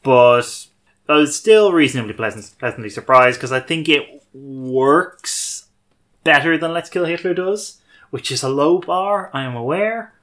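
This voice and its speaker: A podcast host chats casually about a TV episode in a review, sounding thoughtful and wry and often correcting himself mid-sentence. His voice is on the high side, expressive, unhurried, and a bit bright.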